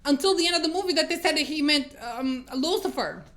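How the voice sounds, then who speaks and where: A woman's voice: high voice, brisk. A woman giving a casual movie review, exasperated and swearing as she retells scenes. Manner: exasperated, swearing, animated storytelling.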